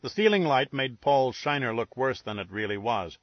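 A man's voice: medium pitch, animated, moderate pace, few pauses, no echo. Wry male audiobook narrator. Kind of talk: dry first-person detective narration. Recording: dull lo-fi, dry recording.

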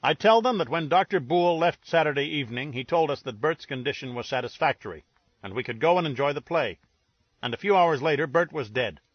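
Brash breathy-baritone lout , read by a man, blunt and crude; dull lo-fi sound. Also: lively intonation, fairly quick, no room sound. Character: blunt, brash middle-aged man with a sore jaw. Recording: dull lo-fi recording.

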